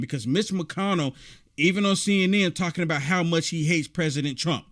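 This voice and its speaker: A man's voice: high voice, lively intonation, brisk, fairly bright tone. A man hosting a political commentary show, reacting to clips in a rambling, repetitive, indignant rant.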